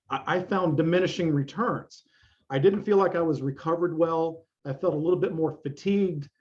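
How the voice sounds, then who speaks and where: A man's voice: on the high side, a little mellow, dull audio. A middle-aged man, a fitness coach guest, talking bluntly and emphatically in a casual interview, with plenty of swearing.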